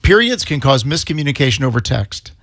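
A man's voice: mid-range voice, very animated, fairly quick, fairly bright tone, no echo, studio quality. A man in his sixties, co-hosting a morning radio show in casual banter, reading items from a list and joking at his own expense. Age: 60s. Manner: chatty, self-deprecating, reads items aloud then comments. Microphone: studio microphone.

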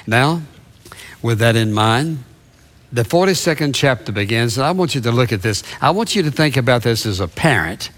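A man's voice: mid-range voice, a bit bright. A man preaching a sermon, retelling Bible passages in a storytelling way with asides to the listeners.

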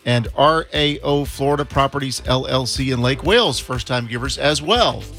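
A man's voice: mid-range voice, normal speed, a bit bright, soft background music. A man co-hosting a radio fundraising drive, thanking donors and joking with his colleagues. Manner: friendly, jokey banter. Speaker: radio co-host.

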